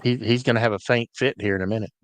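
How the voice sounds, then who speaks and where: Teasing low-voiced man, dry sound. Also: fairly even intonation, racing, no room sound. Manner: teasing, drawling remarks. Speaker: friend joining the livestream. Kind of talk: casual chat.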